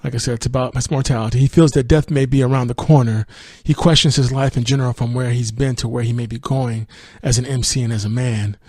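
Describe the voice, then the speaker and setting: A man hosting a music review podcast, talking through a song and reading its lyrics aloud in a relaxed way, thinking aloud as he goes. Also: medium pitch, fast talker, hardly any pauses, no echo. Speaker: podcast host.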